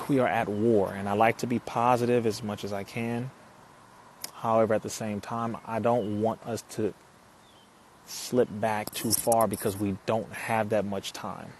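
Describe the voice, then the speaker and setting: Emphatic lower-voiced man streaming live. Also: a little hiss or hum. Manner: emphatic, preachy, repeats phrases. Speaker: live stream speaker reading viewer comments. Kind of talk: casual live stream talk.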